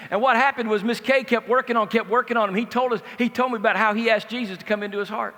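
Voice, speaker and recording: Man, conference speaker, lively storytelling, acts out dialogue, bright tone, reverberant hall. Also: extremely high pitch, fast talker. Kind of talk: motivational storytelling talk. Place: large indoor conference hall.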